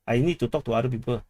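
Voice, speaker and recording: A man's voice: mid-range voice, warm tone, no echo. Singaporean man, live stream host, casual and chatty with viewers, repeats himself, dry close sound. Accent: Singaporean English. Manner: chatty, repeats words, laughs often. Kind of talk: casual live stream chat reading comments.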